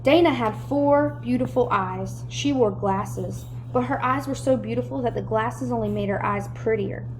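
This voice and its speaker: A woman reading a children's chapter book aloud in a lively, expressive way. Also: fairly high pitch, moderate pace, few pauses, a little hiss or hum, low-quality recording. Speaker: storyteller.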